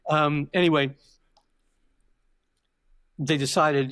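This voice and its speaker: Older guy rambling through stories on a podcast, mid-pitched voice, keeps restarting, very dry sound. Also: fairly even intonation, takes it slowly, a bit bright, smooth, no echo. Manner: reflective and digressive, with frequent restarts. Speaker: podcast guest. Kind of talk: conversational interview storytelling.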